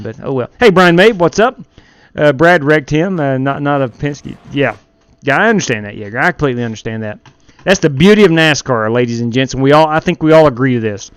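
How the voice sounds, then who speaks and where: A man streaming a sim race live, chatting casually and greeting viewers by name as he drives. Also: on the high side. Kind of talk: live stream commentary while racing.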